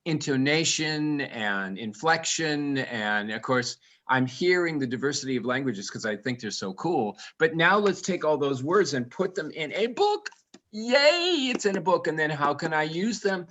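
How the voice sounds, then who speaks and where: Guy musing out loud at a talk, playful, lots of rhetorical questions, kinda high voice. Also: animated, normal speed, hardly any pauses, highs cut off. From England. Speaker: guest speaker.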